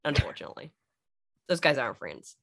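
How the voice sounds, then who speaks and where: A woman's voice: extremely low pitch, big pitch swings, brisk, a little hiss or hum. A woman co-hosting a podcast, emphatic and rambling in casual chat. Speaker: podcast co-host.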